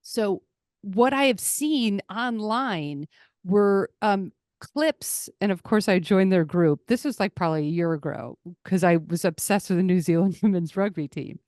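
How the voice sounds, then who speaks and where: A woman's voice: medium pitch, measured pace, no echo, studio quality. A woman hosting a podcast, gushing and rambling through casual sports talk. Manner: excitable, gushing, rambling storyteller. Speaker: podcast host.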